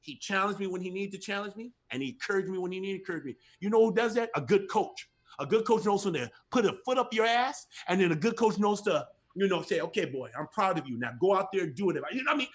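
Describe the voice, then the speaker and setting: Guesting from home on a ministry talk show, a middle-aged man gives an impassioned testimony. His voice sits high and moves fast with few pauses, carried by an emphatic, repetitive, preacherly cadence.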